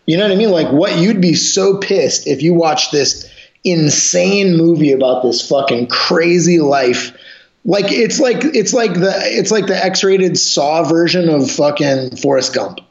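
A man's voice: fairly high pitch, a little slow. A man telling wild stories in a casual, profane, rambling chat. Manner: profane, rambling, animated storyteller. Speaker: podcast guest, jiu-jitsu instructor. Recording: roomy, dull lo-fi sound.

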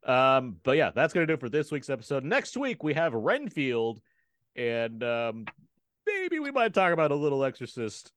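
A man's voice: medium pitch, wildly swooping pitch, normal speed, fairly bright tone. A young adult man co-hosting a movie podcast, chatting casually and laughing often. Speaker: podcast co-host. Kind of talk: casual chat and show sign-off.

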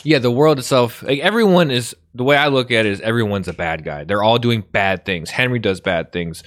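A young man co-hosting a casual podcast chat, animated and laughing often as he goes off on tangents. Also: mid-range voice, fairly quick, no echo, studio quality. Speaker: podcast co-host.

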